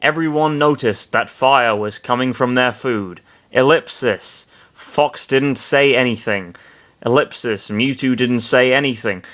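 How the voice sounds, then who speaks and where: A male reader at an ordinary middle pitch reads a fan story aloud and keeps stepping out of it. His comments are wry and self-deprecating, full of quick apologies for his own jokes. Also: a bit bright. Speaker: reader, narrator.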